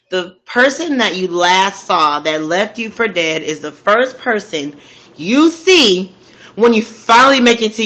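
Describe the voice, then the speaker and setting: A woman recounting a crime story in a relaxed, slangy way, in a voice of ordinary pitch. She talks slowly and draws her words out as she eats between sentences. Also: rough recording. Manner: slangy, conversational, drawn-out storytelling. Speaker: storytelling host. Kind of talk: casual true-crime recap while eating.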